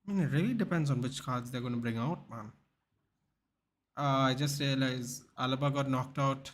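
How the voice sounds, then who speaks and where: A man's voice: mid-range voice, normal speed, a little hiss or hum. A young man hosting a live football watchalong, chatting casually, reading the chat and retelling clips in a rambling way. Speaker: live stream watchalong host.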